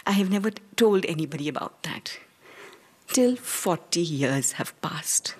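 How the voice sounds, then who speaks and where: A woman from India in her forties, telling a personal childhood story live on stage in an earnest, halting, emotional way. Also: deep voice, expressive, slightly rough.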